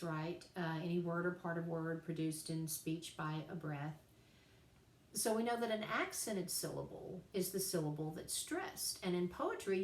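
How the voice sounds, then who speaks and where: A woman's voice: mid-range voice, recorded from a distance. Chatty woman teacher in an echoey room. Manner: chatty, playful, slows down to spell out examples. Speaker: writing teacher. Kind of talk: recorded class lecture.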